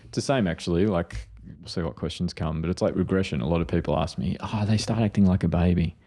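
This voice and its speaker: A man's voice: sits low, quick pace, mellow. A man, a mental health clinician co-hosting a parenting podcast, telling stories and acting out what people said. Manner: storytelling, acts out quotes. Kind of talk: casual parenting chat.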